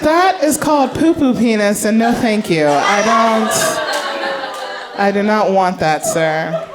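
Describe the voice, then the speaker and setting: A woman's voice: mid-range voice, slow, a loud crowd, heavy background noise. A woman doing stand-up on a club stage into a handheld mic, telling a story with lots of acted-out voices and her own laughter. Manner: animated, acts out voices, laughs at own jokes. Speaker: stand-up comedian. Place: comedy club stage before a live audience.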